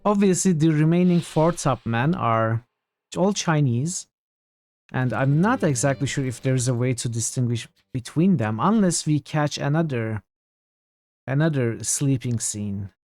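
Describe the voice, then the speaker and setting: A game streamer talking casually over play, with a mid-pitched voice that moves lively up and down. The talk wanders between working out clues aloud and replying to chat, with soft game music faint behind. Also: measured pace, no room sound. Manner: chatty, thinks aloud and answers chat. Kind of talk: casual gameplay commentary.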